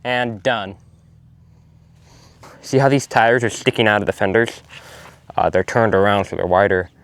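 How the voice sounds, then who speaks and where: A man's voice: fairly low pitch, steady tone, normal speed, a bit bright. A man explaining farm vehicle maintenance in a plain, matter-of-fact way. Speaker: farm vlogger. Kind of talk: casual vlog narration. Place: outdoors by the vehicles.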